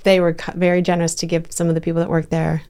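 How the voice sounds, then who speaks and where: A woman co-hosting a podcast, asking questions in a relaxed chat and laughing easily. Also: on the low side, very fast, clear, resonant tone. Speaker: podcast co-host. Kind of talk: casual chat.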